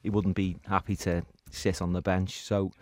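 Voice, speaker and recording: A man weighs up a football topic on a podcast panel, choosing his words carefully. His voice sits low. The sound is dry and close. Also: little pitch movement, dry recording. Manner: measured, thoughtful, hedging. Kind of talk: casual football chat.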